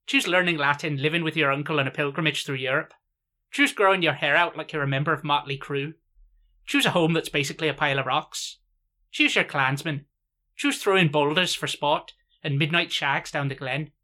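A man performs a sweary comic parody monologue, listing lines in a steady, rhythmic cadence. His voice is bright and forceful. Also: fairly high pitch, fairly quick.

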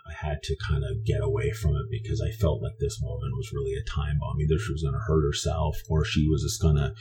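A man's voice: a bass voice, monotone, a little fast, music in the background. A man from Canada telling a personal story in a meandering, conversational way, often restarting his sentences.

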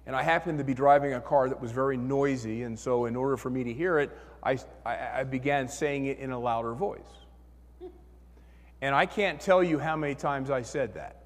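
A man preaching a sermon as pastor, telling a story in an animated way and acting out the voices in his head. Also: medium pitch, moderate pace, big-room sound.

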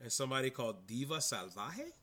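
A man's voice: medium pitch, sing-song, fairly quick, a bit bright, slightly rough. A man co-hosting a podcast, chatting in a rambling, enthusiastic way. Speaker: podcast co-host. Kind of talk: casual chat.

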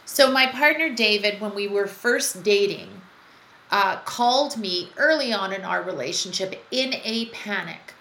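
As a guest in a conversational interview, this woman reflects earnestly on her own experiences. She speaks unhurriedly in an expressive, sharp-toned mid-range voice. There is roomy echo with a little noise in the background.

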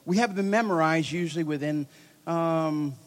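Animated male preacher, lively and joking. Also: fairly high pitch, normal speed. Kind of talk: charismatic sermon. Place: church hall before a congregation.

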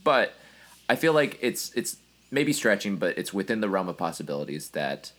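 A man's voice: deep voice, sing-song, normal speed, fairly bright tone. A man co-hosting a casual movie review podcast, giving opinions in loose run-on asides. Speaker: podcast co-host.

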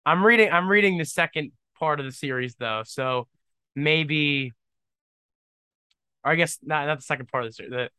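Bright-voiced young man rambling jokingly. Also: fairly high pitch, moderate pace, long pauses, clean tone, no echo. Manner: rambling, self-deprecating and joking. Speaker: podcast host. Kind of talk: casual solo podcast monologue.

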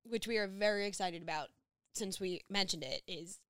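Woman podcast co-host, excitable and joking, mid-pitched, dry close sound. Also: normal speed, clear, resonant tone, dry recording. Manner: excitable, jokey, laughs often. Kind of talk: casual chat.

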